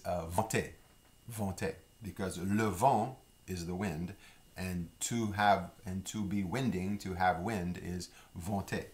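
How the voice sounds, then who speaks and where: A middle-aged man from Louisiana teaching French vocabulary in a casual spoken lesson, patiently repeating words for learners to echo. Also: sits low. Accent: Louisiana French speaker.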